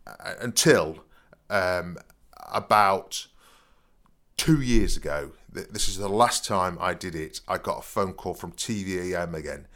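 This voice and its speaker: A man's voice: sits low, unhurried, fairly bright tone. A man telling a rambling story in casual chat, full of stammering restarts and "you know what I mean". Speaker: podcast co-host.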